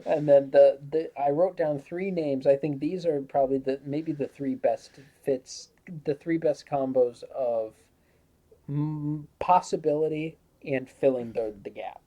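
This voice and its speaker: A man's voice: fairly high pitch, unhurried, lo-fi sound. A man co-hosting a casual sports podcast, easygoing as he talks through his ideas. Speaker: podcast co-host.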